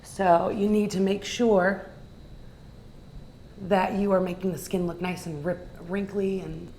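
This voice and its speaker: A woman's voice: mid-range voice, level tone, unhurried, mellow, slight background noise. A woman teaching artist who explains a technique patiently, one step at a time. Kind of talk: instructional explaining.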